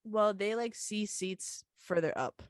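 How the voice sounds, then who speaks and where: A woman's voice: medium pitch, a little slow, no room sound, clean studio sound. A young woman co-hosting a podcast, telling a story animatedly, acting out the dialogue and laughing often. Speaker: podcast co-host. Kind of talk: casual storytelling chat.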